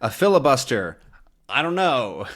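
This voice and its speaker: Lively man explaining words to learners. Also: mid-range voice, unhurried. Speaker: English teacher, channel host. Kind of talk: explaining a comic for language learners.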